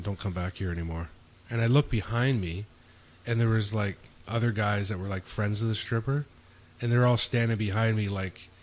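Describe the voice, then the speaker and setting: A man's voice: lowish voice, slight background noise. Young man telling rambling bar stories. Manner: rambling, profane, acts out quotes of others. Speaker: podcast host. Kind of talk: casual chat, storytelling.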